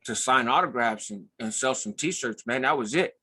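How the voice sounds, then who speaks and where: A man's voice: medium pitch, moderate pace, sharp tone, breathy edge. Laid-back man telling a street story. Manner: loose, conversational, tags lines with "right?"; blunt, swears freely. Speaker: host. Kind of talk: casual storytelling.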